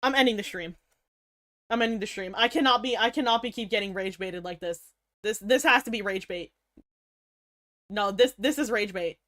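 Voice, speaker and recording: A woman's voice: medium pitch, moderate pace, long pauses, fairly bright tone. A young woman livestreamer chatting casually with her viewers, swearing freely, laughing often and playing up mock outrage. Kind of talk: casual stream chat.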